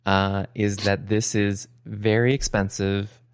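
Halting man co-hosting a podcast. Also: fairly low pitch, little pitch movement, clear, resonant tone, no room sound, studio quality. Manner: hesitant, halting with restarts. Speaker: podcast co-host. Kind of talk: casual chat.

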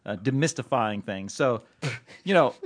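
A man's voice: mid-range voice, animated, no echo. A man co-hosting a podcast, joking and restarting his sentences in casual banter. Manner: joking, halting, self-interrupting. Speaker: podcast host.

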